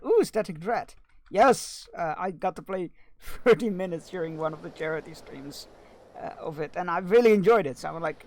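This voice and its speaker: A man's voice: high-pitched, expressive, normal speed, darkish tone, a little hiss or hum. A man streaming a video game, chatting casually and musing aloud, with frequent fillers and chuckles. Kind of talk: casual gameplay commentary.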